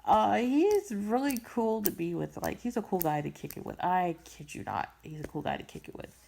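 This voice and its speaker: A woman's voice: deep voice, brisk, vocal fry, dark tone, slight background noise. A young woman from Brooklyn, telling a rambling casual story full of slang, repetitions and little laughs. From Brooklyn, New York. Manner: rambling, repeats herself, frequent laughs and slang. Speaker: voice impression creator.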